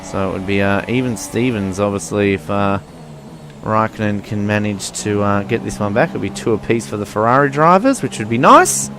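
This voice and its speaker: A young man rambles his way through a racing game, joking at his own expense as he goes. His voice sits fairly low, and faint engine noise from the game hums underneath it. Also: lively intonation, normal speed. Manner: chatty, rambling, self-mocking. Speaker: gaming commentator. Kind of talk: casual racing game commentary. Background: faint car engine noise.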